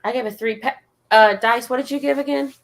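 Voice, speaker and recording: A woman's voice: on the high side, fairly even intonation, fairly quick. A woman co-hosting a live music review stream, giving her opinions in a hesitant, self-correcting way. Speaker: co-host reviewer. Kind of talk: casual live-stream chat.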